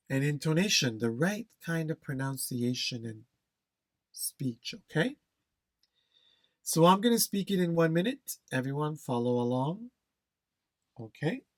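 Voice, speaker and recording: A man's voice: fairly high pitch, no echo. A man teaching an exam-prep lesson, stressing key phrases, repeating them and checking in with "okay?". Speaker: English test instructor.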